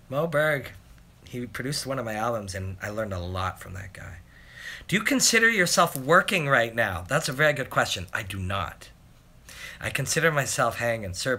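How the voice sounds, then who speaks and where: Bright-voiced, rambling man in his forties. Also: medium pitch. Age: 40s. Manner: rambling, self-deprecating, reads questions aloud. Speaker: host. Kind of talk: live Q&A chat. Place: home, live stream.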